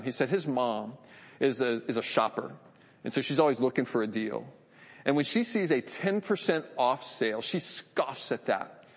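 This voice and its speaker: Earnest man preaching in a reverberant hall. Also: mid-range voice. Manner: earnest, conversational, repeats words while thinking. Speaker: pastor. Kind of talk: sermon.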